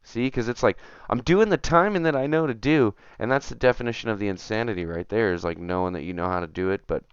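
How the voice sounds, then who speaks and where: A man's voice: lowish voice, fast talker, hardly any pauses, clear, resonant tone, dry recording, highs cut off. A man streaming a retro game, talking to himself and his viewers as he plays, getting frustrated and muttering. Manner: chatty, self-talking, gets frustrated and mutters. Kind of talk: casual gameplay commentary.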